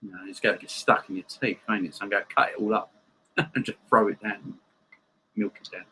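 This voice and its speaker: Male streamer, sharp bright tone, joking live chat with viewers from home. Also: fairly low pitch, steady tone, fairly quick, slight background noise, rough recording. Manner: chatty, joking banter with viewers. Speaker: host of a live football watchalong.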